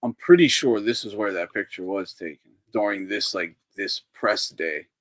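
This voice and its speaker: A man's voice: lowish voice, normal speed, fairly bright tone. A man hosting a casual boxing talk livestream, rambling and swearing as he reacts to clips. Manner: profane, rambling, incredulous. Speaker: boxing talk show host. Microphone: streaming microphone.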